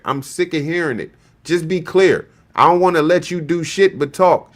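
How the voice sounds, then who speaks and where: A man's voice: on the high side, normal speed. A man hosting a livestream, heatedly reacting to clips with profane, mocking commentary. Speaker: show host reacting to clips.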